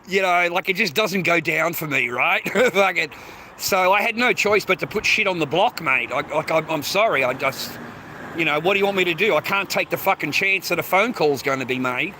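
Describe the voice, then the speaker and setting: Aussie bloke in his 50s venting, high voice, stammers and swears a lot, recorded outside by a noisy road. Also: expressive, normal speed, sharp tone. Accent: Australian. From Australia. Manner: aggrieved, swearing constantly, stammering restarts. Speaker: vlogger. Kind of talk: profane ranting monologue. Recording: noisy outdoor street recording.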